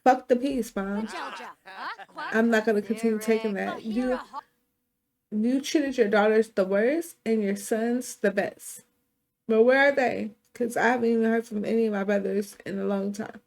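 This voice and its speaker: A woman's voice: fairly high pitch, fairly even intonation, moderate pace, creaky, a little mellow. A woman voicing a bold young woman who talks back to her mother, with blunt, profane comebacks. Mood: defiant. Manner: blunt, profane, sassy clapbacks.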